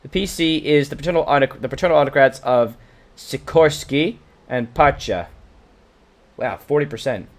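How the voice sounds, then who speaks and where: This gaming channel host, a man whose accent mixes British and American, talks at normal speed in a slightly high voice. In a let's-play recorded from a livestream, he reads event text from the game aloud and banters easily with viewers.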